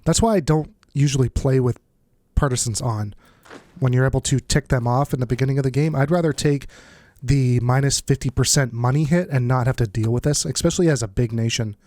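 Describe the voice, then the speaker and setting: A let's play host, his nose stuffed up, mutters and thinks aloud through casual strategy game commentary. Speaking a little fast with a darkish tone at average pitch, he's recorded close and dry with no room sound.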